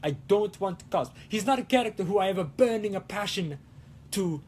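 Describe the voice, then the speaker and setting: Brisk and animated, the young male cosplay host has a high voice with a darkish tone, and there's slight background noise. He runs through viewer comments on his casual livestream in a hammy, put-on Italian accent, goofy, rambling and self-deprecating.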